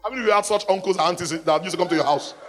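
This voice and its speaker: A man preaching a lively sermon in a church hall, calling out to the congregation for responses. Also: high-pitched, rapid-fire. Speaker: pastor. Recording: long hall reverb.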